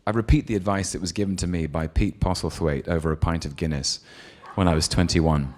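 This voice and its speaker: A man with a very deep voice answers interview questions, pausing on ums as he thinks. He tells stories with relaxed ease and breaks into laughter readily. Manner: thoughtful, hesitant with ums, laughs easily. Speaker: actor, interview guest. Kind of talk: relaxed anecdote and advice in an on-stage interview.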